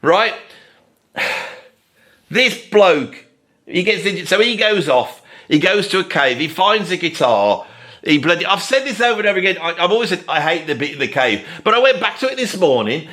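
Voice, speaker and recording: A man's voice: high-pitched, very animated, moderate pace, bright, forceful tone. A man giving ranting, sarcastic commentary on music as a video host. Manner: sarcastic, exasperated.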